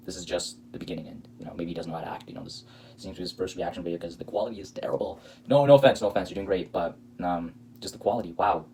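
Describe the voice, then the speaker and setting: A man's voice: low-pitched, darkish tone, slight background noise, low-quality recording. A man hosting a reaction video, talking casually with sarcastic, indignant, rambling commentary.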